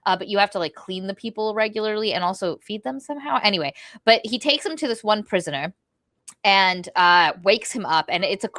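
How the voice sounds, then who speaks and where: A chatty woman casually retells a book's plot, rambling with plenty of "like" and slipping into quick mock voices for the characters. She has a mid-pitched voice recorded very close with a dry, dead sound. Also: a bit bright, no echo. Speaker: podcast co-host. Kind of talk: casual book-review chat.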